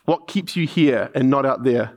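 A man's voice: medium pitch, animated, normal speed, a little mellow. A man with a New Zealand accent preaching a sermon, telling a mission story with repeated punchlines and then asking the listeners probing questions.

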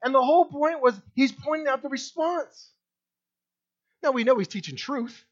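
A male pastor delivers a sermon with lively, animated preaching. He swings between loud emphasis and near-hushed asides and keeps turning to the congregation with questions. The recording sounds a bit dull and muffled. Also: normal speed. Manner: animated preaching with wide swings in pitch and loudness; asks the congregation questions directly.

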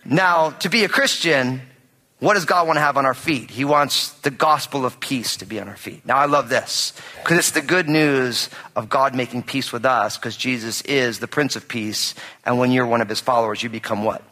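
A man preaching a sermon as pastor, animated and jokey, acting out quotes from everyday life. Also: medium pitch, normal speed. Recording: reverberant hall.

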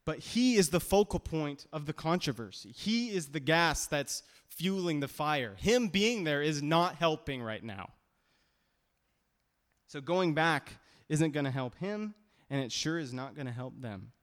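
A man's voice: fairly high pitch, expressive, a little slow. A man preaching a sermon as pastor, conversational and emphatic, with frequent restarts. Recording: long reverb of a hall.

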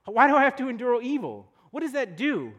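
A man's voice: very high-pitched, big pitch swings, fairly quick, fairly bright tone, highs cut off. A young adult man preaching a sermon in a conversational, storytelling way, full of rhetorical questions. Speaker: pastor. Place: church podcast recording.

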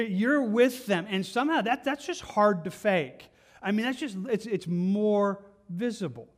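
High-voiced earnest male pastor. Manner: earnest, plainspoken, with rhetorical questions. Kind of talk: conversational sermon.

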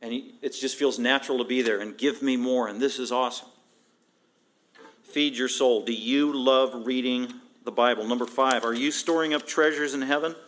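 A man's voice: medium pitch, fairly even intonation, normal speed, fairly bright tone. A middle-aged man preaching a sermon as a pastor, emphatic and conversational, piling up repeated phrases for stress. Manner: conversational, breaks into acted quotes.

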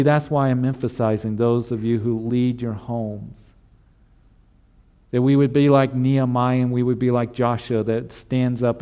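A man's voice: mid-range voice, warm tone. A male pastor preaching a sermon in an earnest way, repeating emphatic refrains.

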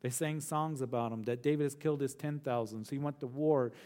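A man's voice: medium pitch, warm tone. Earnest man preaching a Bible study. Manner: earnest, repeats phrases for emphasis, slows on key words. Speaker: pastor. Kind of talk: verse-by-verse Bible teaching sermon.

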